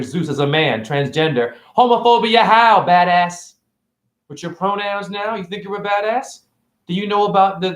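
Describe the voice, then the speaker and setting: Preachy man ranting in an echoey room. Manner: preachy and confrontational, with rhetorical questions and big pitch swings. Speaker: spiritual vlogger and store cashier. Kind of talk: rambling livestream monologue.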